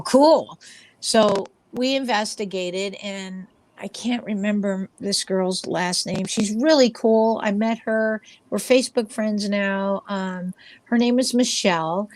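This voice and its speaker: A chatty woman guest in an interview, rambling through her paranormal investigations with plenty of fillers and lively quoted voices. Her voice sits at an ordinary middle pitch and sounds close and dry, with little room sound. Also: no echo. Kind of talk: casual interview storytelling.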